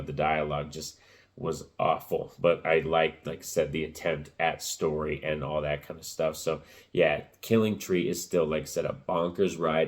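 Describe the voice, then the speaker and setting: A man giving a casual spoken movie review, rambling with lots of fillers, his voice cracking and rough. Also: a bass voice.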